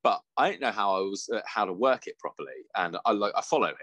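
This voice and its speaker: A man's voice: lowish voice, fast, a bit bright, no room sound. A man co-hosting a podcast in casual chat, sweary and giggly, rambling from one story to the next. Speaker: podcast co-host.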